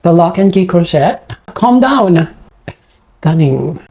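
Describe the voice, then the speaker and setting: Filming an unboxing for her vlog, a woman gushes, awestruck and shaky with excitement, and keeps losing her words. Her slightly low voice is mellow and soft-edged, and she takes it slowly.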